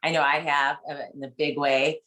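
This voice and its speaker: A woman's voice: sits low, level tone, moderate pace, fairly bright tone. A woman in her forties, leading a book club discussion on a video call, telling a personal story in a rambling, emotional way with many restarts.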